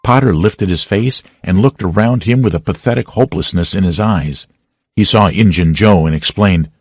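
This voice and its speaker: A man narrating a classic novel as an audiobook reader, with a dramatic, expressive reading. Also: deep voice, normal speed, husky, no room sound, studio quality. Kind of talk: scripted narration.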